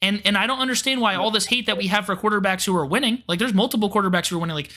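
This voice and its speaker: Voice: medium pitch, racing, bright, forceful tone. A podcast co-host in casual sports chat, ranting animatedly about football with frequent swearing.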